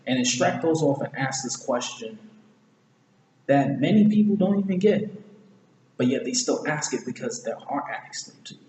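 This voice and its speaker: A man's voice: mid-range voice, expressive, normal speed, darkish tone. Rambling man reviewing a film in an echoey room. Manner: rambling, self-correcting, slangy. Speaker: movie reviewer. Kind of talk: casual film analysis. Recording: echoey room with long reverb, faint hiss.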